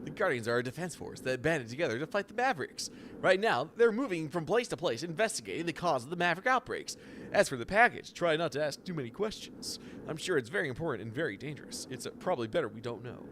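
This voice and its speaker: A man voicing a steady courier boss. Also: a little high, fast, background noise. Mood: calm. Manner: steady, matter-of-fact orders. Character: calm older male courier boss. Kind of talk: voicing game dialogue while streaming. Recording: game music behind the voice.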